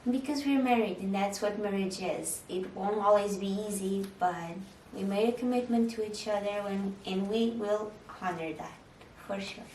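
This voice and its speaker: A woman's voice: mid-range voice, moderate pace, a little mellow, reverberant, recorded from a distance, slight background noise, rough recording. A young woman chatting candidly to camera, answering viewer questions about motherhood and marriage. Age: young adult. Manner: candid, chatty, with frequent "like" fillers. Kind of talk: casual Q&A chat.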